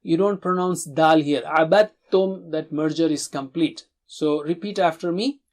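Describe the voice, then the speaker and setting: A man teaching Quran recitation in English, speaking patiently and drawing out words slowly for learners to repeat, with chanted recitation of verses. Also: on the high side. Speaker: tajweed teacher.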